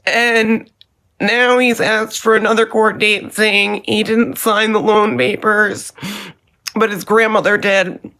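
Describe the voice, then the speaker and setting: A woman giving a personal statement, halting and pausing with many ums. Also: medium pitch, level tone, sharp tone.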